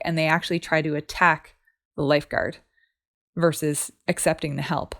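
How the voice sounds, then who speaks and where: A woman co-hosting a faith podcast, calmly explaining her thoughts with examples. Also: low-pitched. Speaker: podcast co-host. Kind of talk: casual faith podcast chat.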